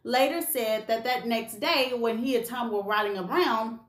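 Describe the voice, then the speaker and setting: A woman's voice: a little high, normal speed, roomy sound. A woman hosting a gossip video, telling a story to camera in a sassy, slangy way and acting out the voices of the people in it.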